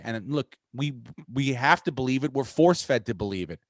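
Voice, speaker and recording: A man hosting a podcast, talking sports in a profane, rambling, excitable way. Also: medium pitch, normal speed, dry recording. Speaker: podcast host. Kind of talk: casual sports chat.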